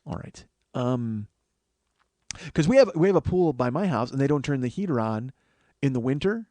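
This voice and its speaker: A man's voice: medium pitch, animated, normal speed, mellow, dry recording. A man hosting a podcast, telling rambling, profane comic stories in a casual monologue. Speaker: podcast host.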